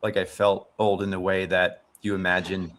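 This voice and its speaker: Podcast host, thirties man, deep voice, rambly reflective chat. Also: little pitch movement, moderate pace, a bit bright, a little hiss or hum. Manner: rambling, many fillers and restarts, reflective. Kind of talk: casual chat.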